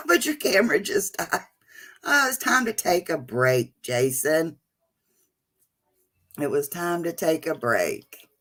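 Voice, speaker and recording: A woman's voice: fairly low pitch, very animated, takes it slowly, long pauses, fairly bright tone. A middle-aged woman hosting a casual livestream chat, chatty and greeting viewers by name with endearments like sweetheart and honey. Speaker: livestream host.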